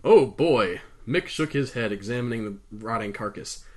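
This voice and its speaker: A man's voice: medium pitch, brisk, a bit bright. A man reading a novel aloud casually, breaking off with enthusiastic, gushing comments. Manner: enthusiastic, gushing, laughing asides. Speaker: audiobook reader and video host.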